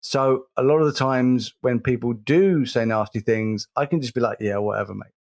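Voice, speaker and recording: A man, co-hosting a casual podcast, speaking earnestly and slowly, repeating words as he stresses a point. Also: mid-range voice, a little mellow. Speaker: podcast co-host.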